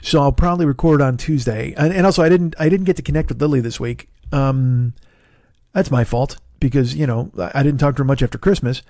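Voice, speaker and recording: A middle-aged man hosting his podcast alone, with a hoarse, tired throat, rambling casually with profane, self-deprecating asides. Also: mid-range voice, a little fast, dark tone, no echo, clean studio sound. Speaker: podcast host. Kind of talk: casual solo podcast chat. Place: home studio in Los Angeles.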